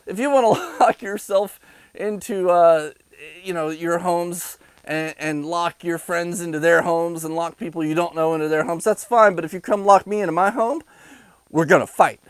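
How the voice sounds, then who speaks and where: A man's voice: high voice, normal speed, clear, resonant tone, dry recording, rough recording. A man delivering an angry, sarcastic rant to his viewers, insulting them between bitter laughs. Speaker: vlogger. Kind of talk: angry ranting monologue.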